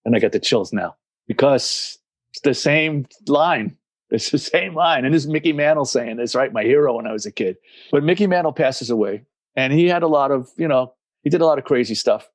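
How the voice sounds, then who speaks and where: An older man rambles through stories as an interview guest, slipping into other people's voices along the way. His voice sits in a middle pitch. The sound is dry and close. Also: brisk, no echo. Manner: rambling, animated, acts out voices in anecdotes. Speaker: guest, musician and recovery coach. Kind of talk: casual interview storytelling.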